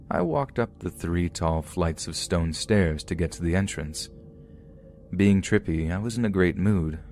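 Man, very deep voice, calm measured narration, scary story podcast reader. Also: slight background noise. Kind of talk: scripted narration of reader-submitted scary stories.

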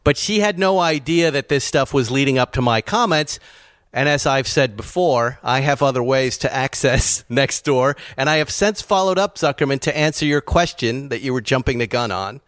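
A man's voice: medium pitch, normal speed, a bit bright, dry recording, clean studio sound. Chatty man hosting a car podcast. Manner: rambling storyteller, chuckles often. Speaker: podcast host. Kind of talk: casual chat.

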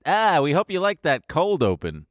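A man's voice: a little high, huge pitch swings, normal speed, dry recording, clean studio sound. A man co-hosting a podcast in casual, joking chat, goofy and teasing. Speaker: podcast co-host.

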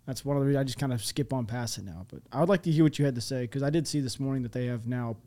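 A man hosting a casual news podcast, talking in a loose, halting way. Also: mid-range voice, mellow. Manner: loose and halting, laughs easily. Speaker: podcast host.

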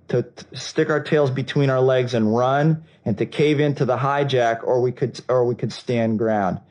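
A man tells a personal business story to a seminar crowd in a lively, animated way. His voice is mid-pitched, and he often restarts a phrase. He acts out the back-and-forth dialogue as he goes. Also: rough recording. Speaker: seminar speaker. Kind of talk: storytelling talk.

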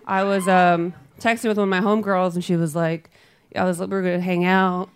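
A woman's voice: on the low side, fairly even intonation, a little fast, clear, resonant tone. A woman doing stand-up comedy on stage with a handheld mic, delivering a brash, profane, punchy set. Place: comedy stage before a live audience. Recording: live room with loud crowd noise.

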